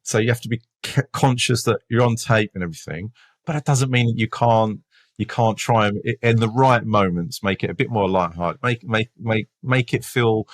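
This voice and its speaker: Male detective, London accent, low voice, chatty podcast storyteller who stumbles over his words, dry close recording. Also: normal speed, no echo. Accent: London English. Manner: animated, many restarts and repeated words; laughs while telling stories.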